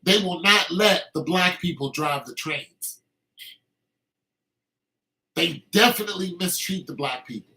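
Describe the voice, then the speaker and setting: Male podcast host, fairly high and forceful, heated opinionated monologue. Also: a little slow, pauses often, poor audio. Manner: heated and emphatic, with frequent restarts.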